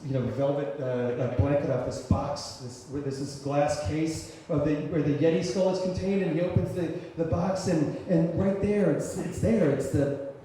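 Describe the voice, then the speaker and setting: Man telling a story in an echoey hall. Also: a little high. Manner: conversational, many fillers and restarts, shouts his inner thoughts. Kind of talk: live personal storytelling. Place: cultural center stage before an audience. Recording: very echoey hall, faint noise.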